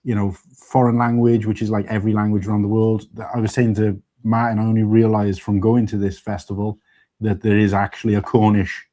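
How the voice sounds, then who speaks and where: A man's voice: fairly low pitch, little pitch movement, fairly quick, mellow. A man hosting a casual panel chat, a rambling, chatty storyteller. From United Kingdom. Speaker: stream host.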